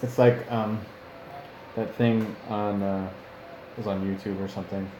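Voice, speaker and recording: A man's voice: lowish voice, steady tone, measured pace, warm tone. A man thinking aloud as he writes a tabletop campaign and sounds out fantasy names. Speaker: game master. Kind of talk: live-streamed campaign writing, thinking aloud. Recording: echoey room with clear background noise.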